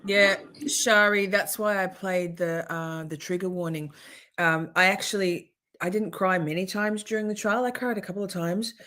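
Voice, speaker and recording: A woman's voice: on the low side, steady tone, normal speed, pushed and bright. A woman, hosting a casual livestream and chatting loosely as she reacts to trial footage. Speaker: livestream host. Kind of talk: casual live commentary.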